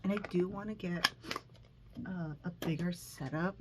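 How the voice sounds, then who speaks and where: Against a noisy background, a woman with a lowish voice talks at a moderate pace as she does her makeup at home. She's a makeup vlogger filming on her phone, and her chatter wanders, packed with fillers and restarts. She seems slightly nervous and self-conscious, and she sniffles from allergies.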